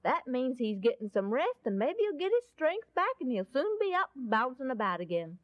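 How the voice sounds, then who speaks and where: A woman voices naive, cheery disciples in a storybook, their pitch jumping about lively. It sounds dull and dry, like an old lo-fi tape. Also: normal speed, no echo. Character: puzzled, chattering male disciples.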